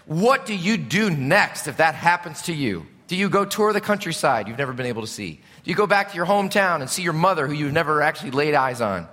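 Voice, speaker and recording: A man preaches a sermon with passion, his voice bright and sharp with a slightly high pitch. He swings from loud appeals down to hushed tones. The sound carries the long reverb of a large church hall. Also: animated, fairly quick, hardly any pauses. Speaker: pastor.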